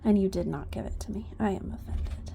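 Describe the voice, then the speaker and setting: A woman's voice: mid-range voice, fairly quick, gravelly, mellow, slight background noise, natural voice. A woman voicing the inner thoughts of a haughty young bay mare who wants treats, in a prim, aloof way.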